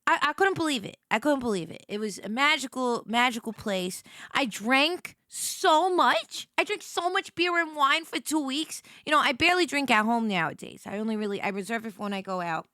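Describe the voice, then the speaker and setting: High bright-voiced rambling woman streamer. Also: expressive, normal speed, no room sound, clean studio sound. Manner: rambling and playful, stammers and repeats herself, swears. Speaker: livestreamer. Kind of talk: casual stream chat.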